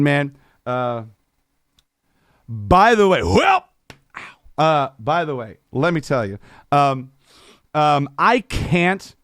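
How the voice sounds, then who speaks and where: A man's voice: fairly high pitch, no room sound, studio quality. A man from New Jersey, chatting casually and rambling between songs as a live-stream host. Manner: rambling and laid-back, stumbles over words, slangy.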